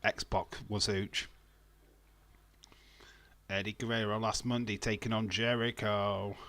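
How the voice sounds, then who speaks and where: A man's voice: fairly low pitch, level tone, takes it slowly, a bit bright. A man with a Yorkshire accent casually chatting and bantering with his live-stream viewers, rambling and swearing now and then. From Yorkshire, England. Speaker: wrestling watch-along streamer. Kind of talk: casual live-stream chat, reading comments.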